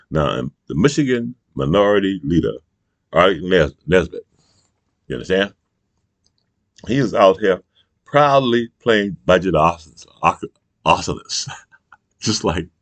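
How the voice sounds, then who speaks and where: A man's voice: very deep voice, vocal fry, slightly rough, dry recording. A man hosting his own channel, delivering a heated, profane political commentary rant peppered with "you know.". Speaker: channel host. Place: Michigan.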